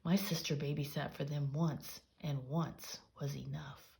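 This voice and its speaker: A woman's voice: low-pitched, fairly even intonation, unhurried, creaky, a little mellow. A woman voicing a dramatic girl who gasps with alarm.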